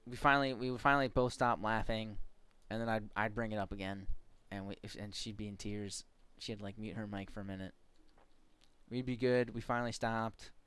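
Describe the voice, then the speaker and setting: A streamer telling a funny story from a game in an animated style, often laughing and acting out quotes. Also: mid-range voice, clean tone. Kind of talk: casual storytelling on a live stream.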